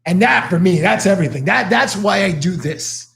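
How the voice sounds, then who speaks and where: A man talking fast and with energy, telling stories as a motivational guest on a talk show. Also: high voice, animated, gravelly, fairly bright tone. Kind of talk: casual talk show conversation. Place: studio.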